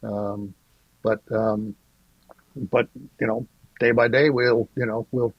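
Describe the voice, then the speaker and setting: A man speaking as a political journalist guest in an interview, measured and thoughtful with frequent fillers. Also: medium pitch, flat delivery, dry recording. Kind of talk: casual interview talk. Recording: dull lo-fi dry audio.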